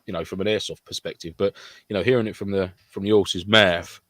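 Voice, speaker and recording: A British man co-hosting a podcast in casual, animated chat, acting out quotes in silly voices. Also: low voice, a little fast, no echo. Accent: British English. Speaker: podcast co-host.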